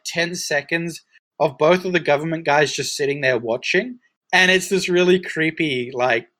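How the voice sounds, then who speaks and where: A man's voice: fairly high pitch, fairly bright tone, dry recording. A man chatting casually as he recaps a film, rambling with many fillers and restarts.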